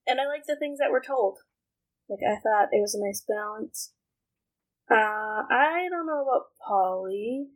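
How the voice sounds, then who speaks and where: Woman, fairly high voice, dry teasing, casual chat. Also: animated, a little slow, rough recording. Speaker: podcast co-host.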